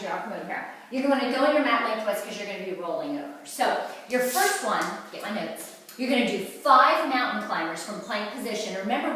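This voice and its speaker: A woman's voice: medium pitch, a bit bright. A woman fitness instructor demonstrating a workout, calling out each move as she does it and getting out of breath. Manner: cueing moves while exercising. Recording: very echoey room from far off.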